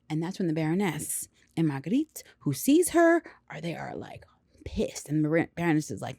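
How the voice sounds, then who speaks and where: A woman casually recapping a film with lots of slang and quick acted-out character lines. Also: a little high, very animated, a little mellow, dry recording, clean studio sound. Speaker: movie reviewer.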